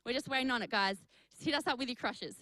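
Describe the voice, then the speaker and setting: Lively young woman youth pastor. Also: on the high side, fast talker, no echo, poor audio. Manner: energetic, chatty, addresses the chat. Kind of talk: youth talk storytelling. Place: studio for an online youth stream.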